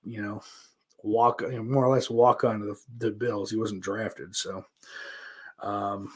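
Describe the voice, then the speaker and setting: A man's voice: fairly low pitch, flat delivery, a little slow, husky. Rambling, profane American man. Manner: rambling, profane, self-interrupting. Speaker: streamer. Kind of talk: casual chat answering viewer questions.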